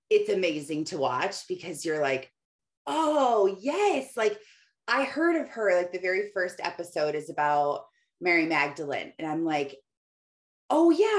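A young adult woman hosting a live faith-based morning podcast, chatting eagerly with lots of filler words. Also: low-pitched. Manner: enthusiastic, chatty, full of "like" fillers. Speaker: podcast host.

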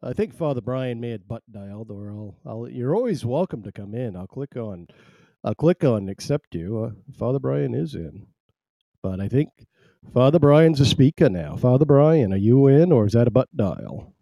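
A man's voice: medium pitch, animated, normal speed, gravelly, dry recording, highs cut off. A man hosting a casual live talk show, rambling and joking at his own expense as he greets listeners. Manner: rambling, jokey, self-mocking. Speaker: host.

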